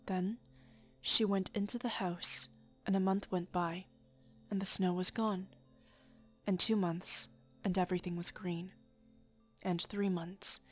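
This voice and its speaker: A woman reading a fairy tale aloud in a soft, often half-whispered voice. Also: lowish voice. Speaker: storyteller.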